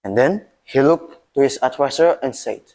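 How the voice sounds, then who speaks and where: A man's voice: medium pitch, expressive, warm tone. A teenage boy from Indonesia telling a story dramatically in a school speaking competition. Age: teens. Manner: dramatic, swinging delivery with long pauses. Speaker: student storyteller.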